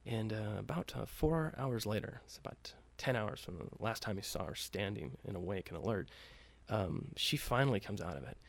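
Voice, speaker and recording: A man's voice: on the low side, animated, normal speed, gravelly, hardly any pauses. A man telling a story casually, with loose profane talk and many fillers, acting out the quoted lines lightly.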